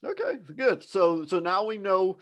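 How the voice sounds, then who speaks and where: A man's voice: high voice, sing-song, unhurried, poor audio. A man hosting a live online English class, explaining things in an encouraging, conversational way.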